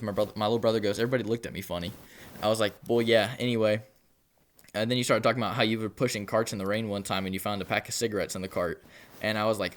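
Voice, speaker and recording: A young man telling a rambling personal story in a laid-back way, with lots of filler words. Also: lowish voice. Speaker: storytelling vlogger. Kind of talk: casual storytelling.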